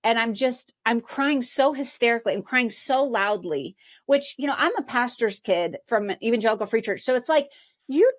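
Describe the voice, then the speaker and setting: A woman's voice: fairly high pitch, lively intonation, moderate pace, no room sound, clean studio sound. A woman guest on a podcast telling a personal story in an earnest, emotional way and voicing her own past thoughts. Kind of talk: conversational interview storytelling.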